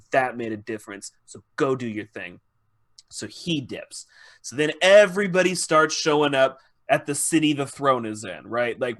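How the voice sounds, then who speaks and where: A man's voice: on the high side, fairly bright tone. A man hosting a podcast, casually retelling a TV episode in a rambling, profane way and acting out the characters' lines. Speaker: podcast host.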